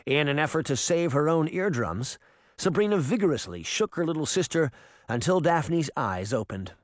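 A man reading an audiobook in expressive storytelling narration. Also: on the high side, moderate pace, dry recording, studio quality. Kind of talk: scripted narration.

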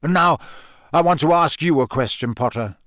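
A man voicing a gruff, battle-scarred older male wizard who growls and speaks slowly and deliberately. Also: on the high side, big pitch swings, fairly bright tone, dry recording, studio quality, heavily acted.

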